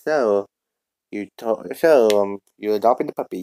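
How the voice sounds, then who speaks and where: Slow, mellow young man dubbing a comic. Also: fairly low pitch, slight background noise. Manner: stumbling, halting reads with many restarts. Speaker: voice actor doing all the parts. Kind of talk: fan comic dub.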